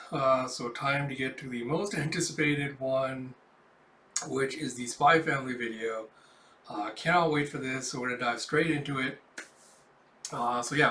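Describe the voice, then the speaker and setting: A man hosting a casual manga reading and reaction, animated and laughing often. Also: mid-range voice, slight background noise. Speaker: host. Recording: roomy, mic at a distance.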